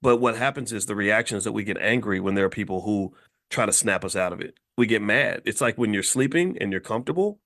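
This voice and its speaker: A man's voice: on the low side, fast talker, fairly bright tone. A middle-aged man from Kentucky giving a blunt, lecturing casual monologue as a commentator host. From Louisville, Kentucky.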